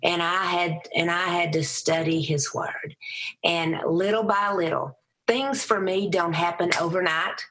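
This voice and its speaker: A middle-aged woman with a heavy Southern accent, a Christian motivational speaker telling lively stories as a podcast guest. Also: measured pace. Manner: animated storyteller, raises her voice high for quoted people. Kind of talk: storytelling interview answer.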